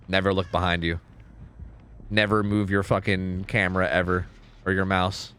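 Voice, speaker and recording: A young man streaming a game, talking casually and swearing as he thinks out loud. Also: low voice, moderate pace, pauses often, a little hiss or hum. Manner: animated, profane, thinks out loud. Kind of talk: casual live-stream gameplay commentary.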